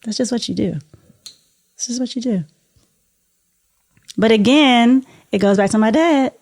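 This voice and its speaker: A woman's voice: on the high side, unhurried, darkish tone. A middle-aged woman, a podcast co-host, telling a personal story in an interview in an earnest, heartfelt, reflective way.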